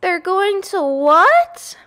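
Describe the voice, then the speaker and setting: A woman voicing a frightened young male pig in a storybook read-aloud, crying out in high, loud, drawn-out pleas. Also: very animated, heavily acted. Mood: panicked.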